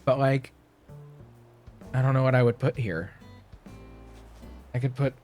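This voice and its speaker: A young man streaming a game, chatting casually and rambling to himself, his voice a little hoarse and often clearing his throat. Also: medium pitch, unhurried, a little mellow, soft background music. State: slightly hoarse. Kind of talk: casual gameplay chat.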